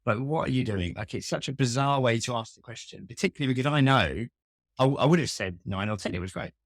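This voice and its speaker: A man's voice: medium pitch, fast, no echo, studio quality. A man, a customer experience expert, chatting as a podcast guest and telling wry, self-mocking stories. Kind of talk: casual interview conversation.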